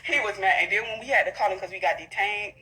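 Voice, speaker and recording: Bright-voiced woman ranting bluntly. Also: mid-range voice, fast, rough recording. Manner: blunt, profane, heated storytelling. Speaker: livestream host. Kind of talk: casual livestream rant.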